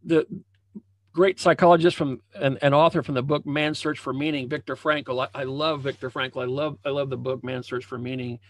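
A man's voice: mid-range voice, fairly even intonation, fairly quick, few pauses, dry recording. A man, a leadership coach, giving a motivational talk over a video call. He speaks conversationally from a home room, repeating phrases and restarting often. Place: home room with a banner hung as backdrop.

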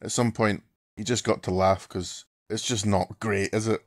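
A man's voice: fairly low pitch, fairly even intonation, moderate pace, no room sound. Mocking, laughing man ranting, dry sound. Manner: mocking, swears a lot, laughs through his words. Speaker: vlogger. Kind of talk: casual rant to camera.

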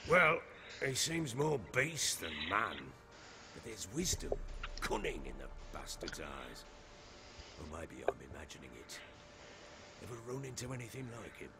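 A man's voice: lowish voice, big pitch swings, measured pace, pauses often, heavy background noise. An actor playing a boastful middle-aged warlord baron in a video game, blustery and coarse as he tells his stories. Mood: gruff. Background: game music.

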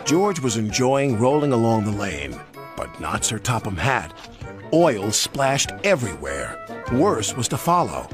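Man narrating a children's story lively. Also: medium pitch, measured pace, music in the background. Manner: lively, expressive reading.

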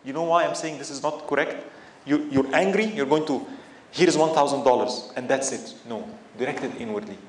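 A man's voice: mid-range voice, brisk. A man giving a religious lecture, impassioned and full of rhetorical questions that build to emphatic outbursts. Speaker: Islamic lecturer. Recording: echoey room with faint background noise.

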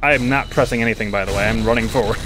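A man streaming a video game, chatting casually and joking, laughing often as he plays. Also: medium pitch.

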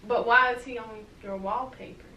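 A woman's voice: a little high, steady tone, moderate pace, pushed and bright, far from the mic, muffled recording. A young woman in casual conversation that turns into an argument, blunt and confrontational, with lots of slang. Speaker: friend being pranked. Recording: echoey room, from off-mic, faint background noise.

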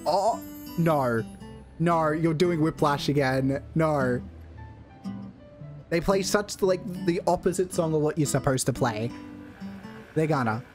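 A gaming channel host giving excitable, jokey commentary while playing a horror game. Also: mid-range voice, takes it slowly, long pauses. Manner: excitable, jokey, reacts out loud. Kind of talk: let's-play commentary. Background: game music.

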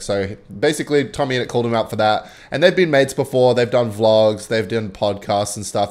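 Young Aussie guy, mid-pitched voice, chatty and animated vlog host with a loose, sweary delivery. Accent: Australian. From Australia. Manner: animated, chuckling, casual swearing. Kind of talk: casual commentary on online drama.

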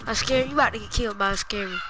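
A woman's voice: mid-range voice, racing, noisy background. A woman trash-talking her opponent during casual gaming banter, taunting and slipping into sing-song chants.

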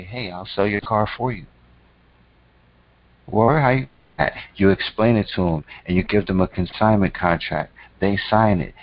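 A man's voice: low voice, no echo, low-quality recording. A man hosting his own channel, giving casual advice in a slangy, emphatic, repetitive way and calling the listener "son.". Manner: profane, repetitive and preachy. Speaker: host.

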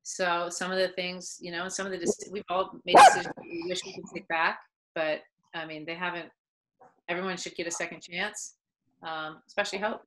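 A woman's voice: fairly low pitch, fairly quick, noisy background. A middle-aged woman, a soccer head coach, telling stories in a casual interview and acting out the people she quotes. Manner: animated, acts out quoted people.

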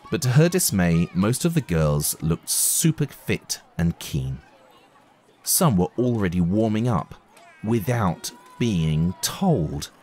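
A man reading a children's book aloud expressively and reviewing it. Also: low voice. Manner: expressive, animated. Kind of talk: storybook read-aloud.

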